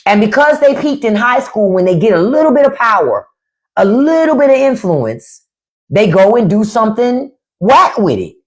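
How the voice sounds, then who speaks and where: A woman's voice: a little high, sing-song, moderate pace. A woman hosting a livestream, ranting bluntly and mockingly with plenty of profanity. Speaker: livestream host. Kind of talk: casual livestream rant.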